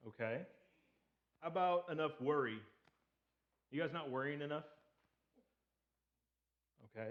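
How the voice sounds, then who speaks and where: A man's voice: a little high, dull audio. A man preaching a casual sermon in a church, joking and posing questions to the congregation. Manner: joking, conversational, asks the audience questions. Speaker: pastor. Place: church sanctuary.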